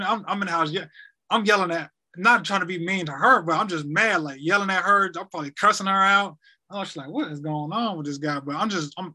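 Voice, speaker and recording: Young man, high voice, casual storytelling, rambling, repetitive, bright edge. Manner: rambling, repeats himself, acts out conversations.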